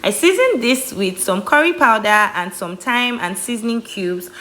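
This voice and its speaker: A woman's voice: a little high, expressive, moderate pace, pushed and bright. Chatty Nigerian woman cooking vlogger. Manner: chatty, emphatic, playful. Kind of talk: cooking tutorial voice-over.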